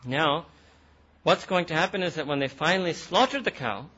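A man's voice: on the high side, lively intonation, moderate pace, pushed and bright, breathy edge, lo-fi sound. A man teaching a Quran lesson, retelling a story and repeating phrases for emphasis, with Arabic and Urdu words mixed in. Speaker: Islamic teacher.

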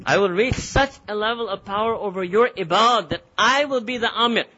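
Boastful male devil, slow and gloating, higher and brighter than the speaker's plain voice, as a preacher puts him on, dull lo-fi sound. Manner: slow, drawn-out, gloating delivery. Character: arrogant defiant male devil boasting to God.

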